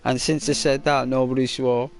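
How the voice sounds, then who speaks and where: A man's voice: mid-range voice, flat delivery, normal speed. A man streaming a game and chatting casually to viewers, rambling with lots of fillers. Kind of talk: casual live-stream chat.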